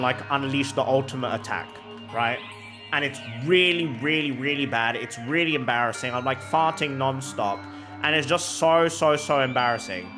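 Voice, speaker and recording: A young man streaming a game, telling a long embarrassing story in an animated, exaggerated comic way. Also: fairly high pitch. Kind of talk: casual storytelling while gaming.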